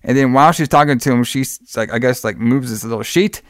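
A man in easy, rambling conversation, walking through a film's plot scene by scene. His voice is smooth and resonant, recorded close with no room sound. He leans on fillers and bursts higher and louder whenever he quotes a character. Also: a little fast, no echo. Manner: rambling, lots of fillers, acts out quotes in a raised voice. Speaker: podcast host recapping a movie. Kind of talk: casual chat.

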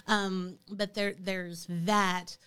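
A woman's voice: mid-range voice, level tone, very slow, fairly bright tone, smooth. A middle-aged woman talking casually as a podcast co-host, chatty and hesitant, with many ums and restarts. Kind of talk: casual chat.

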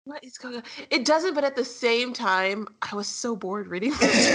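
An animated woman in a casual book discussion, laughing often and swearing freely. Her voice sits fairly high, with a bright, sharp edge. She talks like a podcast co-host riffing with a friend. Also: normal speed, creaky, hardly any pauses, slightly rough.

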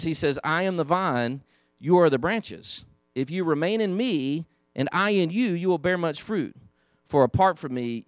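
Male Sunday school teacher, slightly high voice, conversational, dry close sound. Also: no echo. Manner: conversational, asks the class questions. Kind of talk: Sunday school Bible lesson. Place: church classroom.

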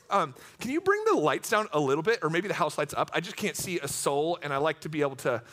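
A man's voice: high voice, expressive, a little fast, few pauses, bright, forceful tone. A young man telling a rambling, self-deprecating story as a youth pastor, with jokey asides, speaking from a church stage.

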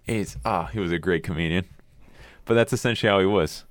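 A man in a casual podcast chat who rambles, swears and fills pauses with "um" and "like". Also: low voice, dry recording. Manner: rambling, swears, many fillers.

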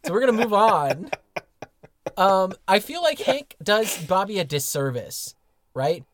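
A man's voice: high-pitched, sing-song, a little slow, dry recording, studio quality. Candid, self-mocking American man. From United States. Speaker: podcast co-host. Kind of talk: casual chat.

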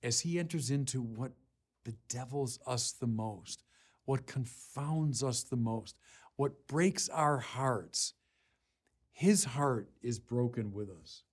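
A man preaching a sermon, unhurried with small restarts, rising to forceful emphasis on key lines. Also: mid-range voice, husky.

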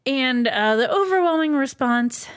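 A woman's voice: high-pitched, animated, measured pace, no room sound, studio quality. A woman co-hosting a podcast in casual chat, wry and matter-of-fact. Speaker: podcast co-host.

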